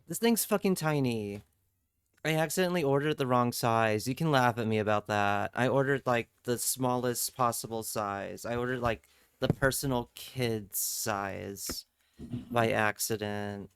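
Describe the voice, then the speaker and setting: Man, live streamer, casual chat, unhurried delivery, cursing, dry close sound. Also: medium pitch, smooth, no room sound. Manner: chatty, swears freely, reads and answers chat.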